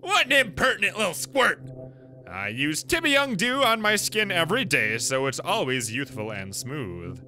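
A man's voice: a little high, wildly swooping pitch, normal speed, pushed and bright, soft background music, heavily acted. A man voicing a vain, huffy tooth fairy who scolds in a prissy way, reading video game dialogue aloud. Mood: fussy.

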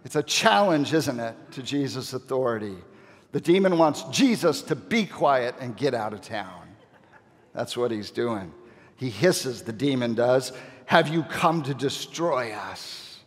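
A male pastor preaching a sermon in a large church, emphatic, with dramatic pauses and repeated key phrases. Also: mid-range voice, animated. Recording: long reverb of a church hall.

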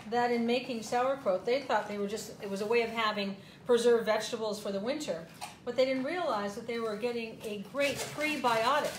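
A woman's voice: a little high, a little hiss or hum. Chatty woman demonstrating in echoey kitchen. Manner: chatty, rambling, with fillers. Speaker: host. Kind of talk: casual cooking demonstration. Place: home kitchen. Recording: echoey kitchen with clattering dishes.

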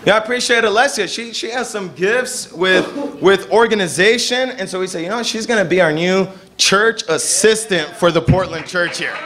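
A young man preaching a sermon as pastor, telling stories and acting out the people he quotes with lively energy. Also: high-pitched, moderate pace, hardly any pauses. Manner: animated storytelling, acting out quoted voices.

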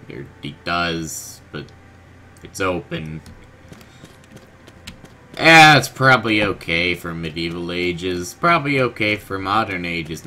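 A man giving casual gameplay commentary, low-key and monotone, groggy from just waking up, in his bedroom. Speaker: gaming video host. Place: hot bedroom with a fan. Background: fan and keyboard noise.

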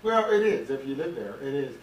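A man's voice: mid-range voice, very animated, a little fast. A man reminiscing in casual family conversation, rambling and correcting himself as he goes. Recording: echoey room, distant mic, faint hiss.

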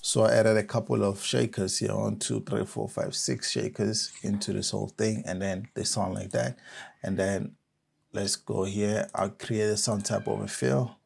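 Gravelly low-voiced man explaining beats. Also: measured pace. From South Africa. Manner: relaxed, explains step by step. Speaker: music producer. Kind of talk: casual software tutorial.

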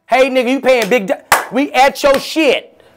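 A man voicing a loud, boastful male luxury car driver. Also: normal speed, noisy background. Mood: hyped. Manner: loud, boastful, high-pitched.

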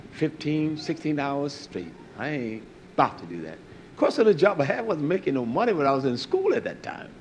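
A man's voice: a little high, a little hiss or hum. An older man telling a personal story, animatedly acting out what people said and often repeating his words. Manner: animated, acts out quoted dialogue, repeats words. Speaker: speaker giving a testimony.

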